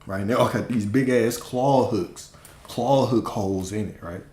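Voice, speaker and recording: Slow-drawling joking man, roomy echo. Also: lowish voice, mellow. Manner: profane, joking, laughs often, slow drawl. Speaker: livestream host. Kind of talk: casual comedic livestream chat.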